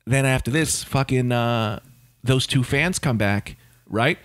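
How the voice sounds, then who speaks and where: A man who is a stand-up comedian, telling a tall story in an animated, rambling way on a podcast. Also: mid-range voice, slow pace, dry recording, clean studio sound. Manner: animated, rambling, heavy on filler words. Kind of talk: comic storytelling.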